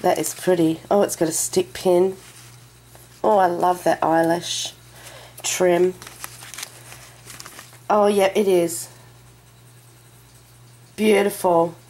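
A woman vlogging to camera as she opens a parcel, chatting casually and gushing with excitement. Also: on the low side, slow, pauses often. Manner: gushing and excitable, breaks into delighted exclamations. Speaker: craft vlogger. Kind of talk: casual unboxing chat to camera. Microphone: camera mic a short way off.

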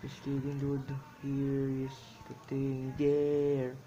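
A man narrates his drawing as he goes, rambling and amused with himself. He speaks slowly, at an unhurried pace, in a voice of ordinary pitch, and his English phrasing is often broken. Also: flat delivery, mellow, highs cut off. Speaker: drawing vlogger. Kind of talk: rambling commentary while drawing.

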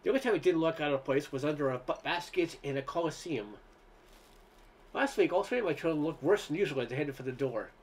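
A man with a slightly higher than usual voice reads a humorous essay aloud. His delivery is wry and unhurried, the way a storyteller lets each joke land. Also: expressive. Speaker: reader.

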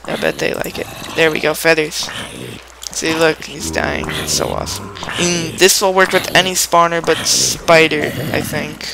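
A man's voice: a little high, steady tone, normal speed, vocal fry, noisy background. A young man giving a casual, rambling gameplay tutorial, playful and chatty, humming little sound effects as he builds.

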